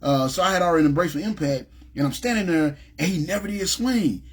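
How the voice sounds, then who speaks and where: A man from Memphis telling his personal testimony in a rambling, animated way and often asking "you know what I'm saying". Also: fairly high pitch, fast talker, slightly rough. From Memphis, USA. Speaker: ministry speaker giving testimony.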